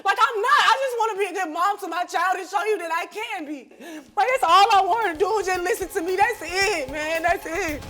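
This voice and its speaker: Fast-talking high-voiced young woman. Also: a bit bright. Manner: emotional, blunt, informal speech. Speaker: talk show guest. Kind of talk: emotional confrontation.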